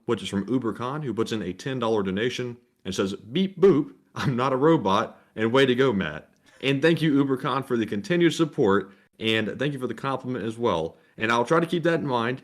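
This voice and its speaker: A man co-hosting a livestream who reads viewer donations and messages aloud in a friendly, casual way. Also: medium pitch. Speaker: livestream co-host reading donations.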